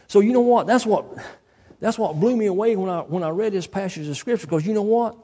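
A pastor preaching a sermon, emphatic and folksy, often repeating key phrases. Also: male voice, high voice, expressive, brisk, warm tone, long reverb tail.

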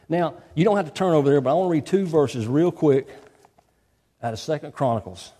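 A pastor preaching a sermon, emphatic and folksy, often repeating key phrases. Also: male voice, on the high side, a little fast, warm tone, slightly rough, long reverb tail.

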